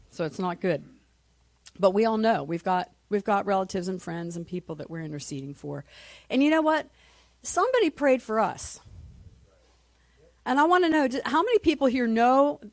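A woman's voice: medium pitch, dry recording. A woman teaching a Sunday school class in a conversational way, asking the class questions and often adding "right?". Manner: clears throat often.

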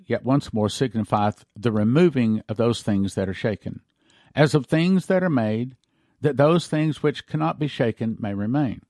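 A male pastor delivers a sermon at a mid-range pitch. He reads scripture aloud with slow, solemn weight. The recording is dry and close, with no room sound. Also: darkish tone, no room sound.

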